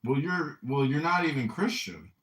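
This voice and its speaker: A man hosting a casual talk show, teasing a caller in a deadpan, mock-earnest way. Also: mid-range voice, normal speed, echoey room, distant mic. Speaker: host. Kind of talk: casual chat, teasing call.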